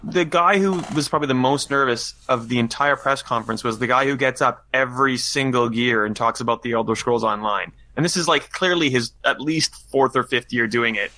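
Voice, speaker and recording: A man on a casual podcast chat, excitable and talking with lots of "like". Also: medium pitch, fairly quick, few pauses, poor audio. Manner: excitable, peppered with "like". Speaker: podcast guest.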